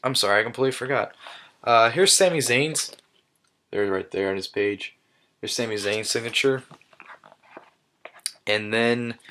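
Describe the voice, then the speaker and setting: A man's voice: medium pitch, a bit bright. A man casually recapping meeting people at a fan event, rambling with lots of fillers and repeated words like "awesome", while showing autographs to the camera. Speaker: vlogger.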